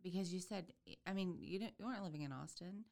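A woman's voice: lowish voice, fast talker, gravelly, darkish tone. A woman hosting a podcast interview, affirming her guest with many fillers and restarts. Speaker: podcast host. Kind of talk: casual interview chat.

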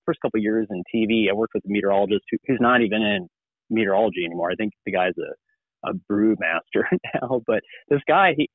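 A male TV meteorologist chats as a guest and tells animated stories, acting out the lines people said to him. His voice sits fairly low and sounds dry and tinny, as if over a phone line. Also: a little fast, dry recording. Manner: animated storyteller, acts out quoted dialogue. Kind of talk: casual podcast conversation.

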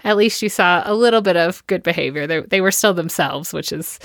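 Chatty 30s woman, bright higher voice, laughs a lot, dry close mic. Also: a little fast, dry recording. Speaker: podcast co-host. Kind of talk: casual chat.

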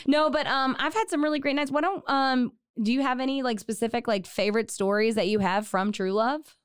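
Woman podcast host, chatty and giggly, bouncy higher pitch, dry close sound. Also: brisk, clear, resonant tone, dry recording. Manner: giggly, chatty, lots of fillers. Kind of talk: casual chat.

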